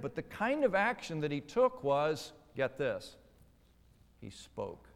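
A man preaching a sermon, stressing key words and putting rhetorical questions to his listeners. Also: a little high. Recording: long hall reverb.

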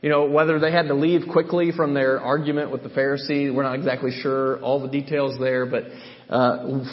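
A man preaches through a Bible passage, pressing his points with emphasis and often restarting his sentences. His voice sits at an ordinary pitch for a man. It rings out in a hall with a long reverb, and the recording sounds somewhat muffled. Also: flat delivery, moderate pace. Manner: emphatic, thinking aloud with restarts. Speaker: Bible teacher. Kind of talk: sermon teaching.

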